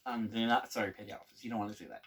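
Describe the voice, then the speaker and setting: A man's voice: on the low side, steady tone, rapid-fire. A young man casually telling a boot camp storytime, rambling and laughing often, with casual swearing. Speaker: navy veteran telling stories.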